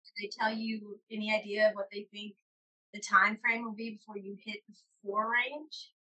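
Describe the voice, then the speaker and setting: A woman co-hosting a casual chat show, asking quick follow-up questions and cooing to a pet. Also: medium pitch, flat delivery, bright, forceful tone, poor audio. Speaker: podcast co-host.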